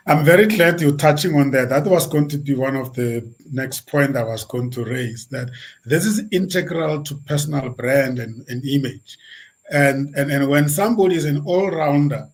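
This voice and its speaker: A man's voice: fairly high pitch, moderate pace, poor audio. A man hosting an online interview, speaking reflectively and repeating words as he thinks. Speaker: interviewer host.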